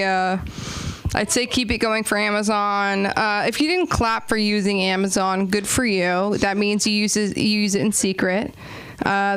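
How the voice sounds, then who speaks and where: A woman's voice: medium pitch, fairly bright tone, clean tone, no room sound. A young woman from Los Angeles hosting an open mic, doing rambling, self-deprecating stand-up between acts. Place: small comedy club stage.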